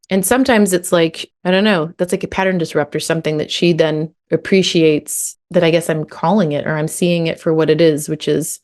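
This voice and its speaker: A woman's voice: sits low, fairly even intonation, a little fast, few pauses, a little mellow. A middle-aged woman coaching a parent in a casual, direct way, acting out what to say to a child. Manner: casual, talks straight to a parent, acts out scripts. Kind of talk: live coaching session.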